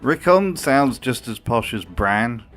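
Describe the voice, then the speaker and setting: A man's voice: medium pitch, lively intonation, slow, a bit bright, soft background music. A man narrating a comedic video essay with a wry, mocking tone and dry asides. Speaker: video commentator.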